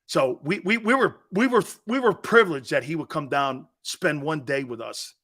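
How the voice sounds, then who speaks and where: A man in his fifties, a sports talk host, telling stories in an excitable, rambling way and laughing often. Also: on the high side, normal speed. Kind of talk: animated storytelling.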